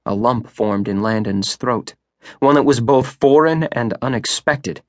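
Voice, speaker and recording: A male audiobook narrator reads in a steady, measured mid-range voice. The recording is dry and close, with no room sound. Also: medium pitch, no room sound. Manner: steady, measured, rising for action beats. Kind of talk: scripted narration.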